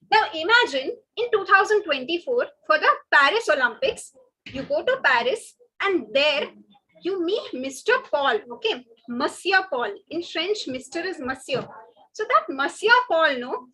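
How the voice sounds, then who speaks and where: Brief: woman teacher, bright and sharp tone, slow repeated pronunciation drills. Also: high voice, low-quality recording. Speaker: French teacher. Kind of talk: online language lesson. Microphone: webinar headset or computer mic.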